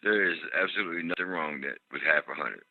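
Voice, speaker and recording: A man's voice: low voice, fast talker, no room sound, narrow, tinny audio. A man co-hosting a podcast, teasing and playful in casual chat. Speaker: podcast co-host.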